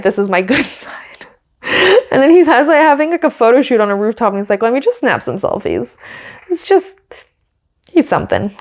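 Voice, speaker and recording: A woman's voice: medium pitch, vocal fry, a little mellow. A young woman hosting a podcast, talking in a casual, gushing and opinionated way with lots of fillers. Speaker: podcast host. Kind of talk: casual chatty commentary.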